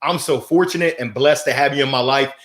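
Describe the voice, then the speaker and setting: A man hosting a motivational livestream, talking with playful energy and giving shout-outs to viewers. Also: medium pitch, brisk. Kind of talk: upbeat motivational livestream talk. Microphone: gold microphone.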